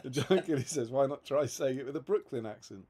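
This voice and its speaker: A man's voice: mid-range voice, expressive, normal speed, a little mellow, breathy edge. A man co-hosting a live stream in casual chat, reading out viewer comments and laughing often. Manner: chatty and amused, laughs often. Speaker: livestream co-host.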